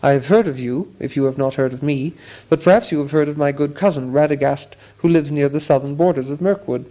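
A man's voice: on the high side, fairly quick, dark tone, close to an everyday voice, rough recording. Gandalf, a man playing an old polite wizard. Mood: courteous. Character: old male wizard, courteous and wise.

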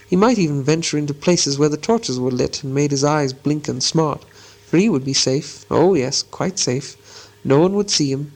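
A man reading an audiobook aloud with measured, expressive storytelling. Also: a little high, vocal fry, rough recording. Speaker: narrator. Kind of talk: scripted audiobook narration.

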